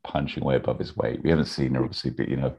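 A man with a very deep, husky voice, rambling through a story in casual chat, full of fillers. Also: fairly even intonation, rapid-fire, warm tone. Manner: rambling, many fillers, acts out characters' lines in a high voice. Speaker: podcast guest pitching a fan episode.

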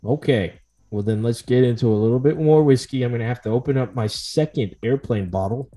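A man co-hosting a casual whiskey-tasting podcast, loud and joking. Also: a little fast. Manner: loud, joking, swings his pitch widely. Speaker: podcast co-host.

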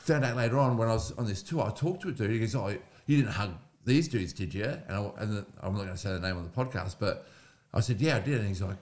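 A young Australian comedian and mental health speaker tells casual stories on a podcast, animatedly acting out the people and voices in them. His voice is fairly low and fast, with hardly any pauses.

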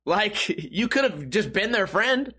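Guy ranting solo, swears a lot, does mocking little voices of people, voice sits kinda high. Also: very animated, unhurried, bright, forceful tone, breathy edge. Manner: profane, rambling, mimics people in mocking voices. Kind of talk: casual monologue.

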